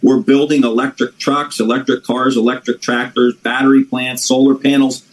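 A man's voice: medium pitch, little pitch movement, normal speed, low-quality recording. Male candidate listing campaign points. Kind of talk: campaign speech.

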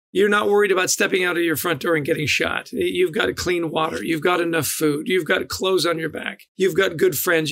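A middle-aged leadership author appears as a guest on a podcast interview, telling stories with enthusiasm and a habit of repeating his words. His voice is high, a bit bright, with vocal fry, in a dry recording.

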